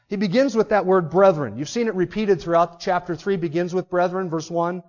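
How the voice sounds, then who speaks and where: Male pastor, high voice, emphatic sermon delivery with rhetorical questions; muffled lo-fi church recording. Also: normal speed, few pauses, a little mellow.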